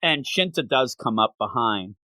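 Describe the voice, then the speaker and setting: A man's voice: medium pitch, lively intonation, normal speed, bright, forceful tone, no room sound. A man co-hosting a manga review podcast, retelling the story in casual chat and acting out the characters' lines.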